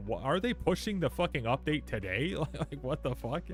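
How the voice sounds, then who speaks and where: A young man livestreaming a game, chatting casually with viewers, swearing freely and reacting loudly while reading patch notes aloud. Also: fairly high pitch, big pitch swings, normal speed, hardly any pauses, faint music behind. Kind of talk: casual live game stream.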